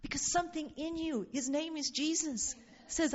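A woman leading an informal Bible study, reading scripture aloud and talking in an animated, laughing way. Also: high-pitched, moderate pace, hardly any pauses. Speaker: Bible teacher. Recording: dull lo-fi sound.

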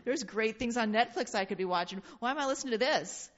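A woman leading an informal Bible study, reading scripture aloud and talking in an animated, laughing way. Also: on the high side, quick pace. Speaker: Bible teacher. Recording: dull lo-fi sound.

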